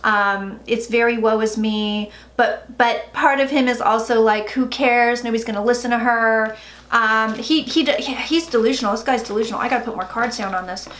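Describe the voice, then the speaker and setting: A woman's voice: fairly high pitch, normal speed, few pauses, a bit bright. A woman in her forties giving a casual tarot reading, chatty and blunt, swearing freely. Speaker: psychic tarot reader. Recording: echoey room with faint noise.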